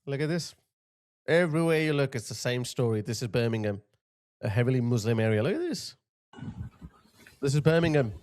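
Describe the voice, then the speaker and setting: A man's voice: mid-range voice, expressive, fairly quick, long pauses, a little mellow. A man hosting his channel, giving indignant political commentary over video clips and often repeating himself to point things out. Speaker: channel host.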